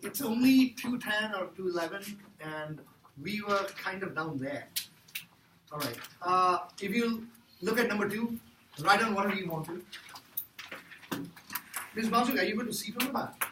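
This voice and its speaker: High-voiced man teaching math, echoey classroom. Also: expressive, normal speed, pauses often. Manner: joking, quizzes the class. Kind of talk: classroom lecture. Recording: echoey room from far off, faint noise.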